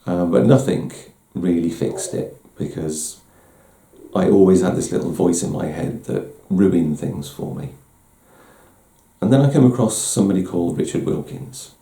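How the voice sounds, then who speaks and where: Man hosting a candid personal talk: middle-aged, deep gravelly dark voice, self-deprecating, slightly echoey room. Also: normal speed. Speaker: host. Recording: roomy echo.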